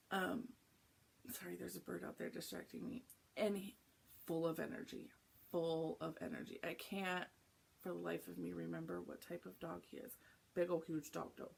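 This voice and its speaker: A woman's voice: fairly low pitch, creaky, a little hiss or hum. A young woman chatting casually on a cross-stitch vlog, rambling through a story with lots of asides. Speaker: flosstube vlogger. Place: home, early morning.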